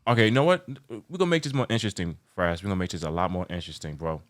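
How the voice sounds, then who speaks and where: A man from New York hosting a casual sports chat, passionate and rambling, often getting loud and worked up. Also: sits low, rapid-fire. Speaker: show host.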